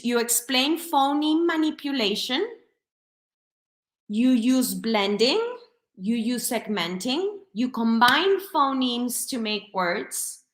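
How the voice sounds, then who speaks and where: A slow, demonstrative woman leads an online teacher training from her computer, carefully sounding out each speech sound. Her voice sits fairly high and bright. The webcam mic catches an echoey room around her. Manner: lively, demonstrative, sounds out phonemes. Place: home room, alone at computer.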